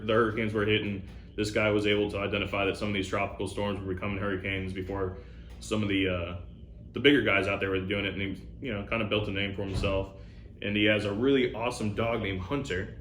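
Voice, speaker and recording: A man on a radio show explaining new beers in a relaxed way, with many fillers. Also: lowish voice, reverberant, a little hiss or hum. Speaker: beer brand representative. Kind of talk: casual radio guest chat.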